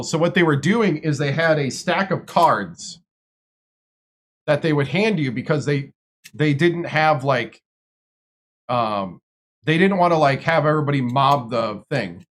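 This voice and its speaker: Rambling male streamer telling stories. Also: mid-range voice. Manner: rambling, filler-heavy storytelling. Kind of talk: casual chat.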